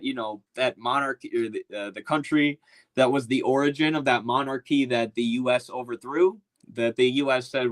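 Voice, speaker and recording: A man's voice: mid-range voice, rough recording. A man giving casual opinion commentary in a loose, slangy, mocking way. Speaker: political commentator.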